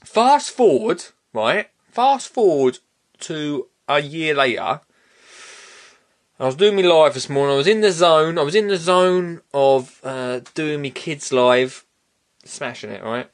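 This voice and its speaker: A man hosting a podcast, telling a story in a casual, animated way and laughing often. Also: fairly high pitch, a little slow. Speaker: podcast host.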